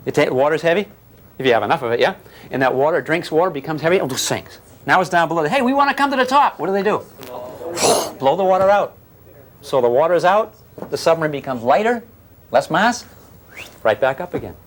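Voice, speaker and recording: Older man, physics teacher, animated swooping voice, quizzing the class, classroom lecture. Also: fairly high pitch, fairly quick, pauses often. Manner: lively, teasing, asks the class questions.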